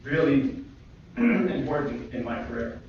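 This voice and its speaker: A man's voice: medium pitch, lively intonation, slow pace, a little hiss or hum. Chatty man telling stories in an echoey hall. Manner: chatty, filler-heavy storytelling with humor. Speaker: physician speaker. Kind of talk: memorial tribute talk with anecdotes. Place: lecture hall. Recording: echoey hall, distant mic, dull livestream audio.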